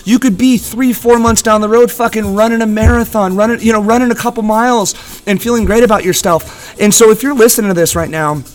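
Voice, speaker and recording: A man's voice: high voice, steady tone, a little fast. A young man co-hosting a casual motivational podcast from a gym, earnest and encouraging, swearing casually as he talks. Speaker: podcast co-host.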